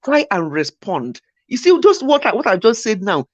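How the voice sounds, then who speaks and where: A woman's voice: mid-range voice, moderate pace, dry recording. A woman host, chatting casually about marriage and acting out what spouses say. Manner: animated, acts out quoted spouses. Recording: muffled lo-fi sound.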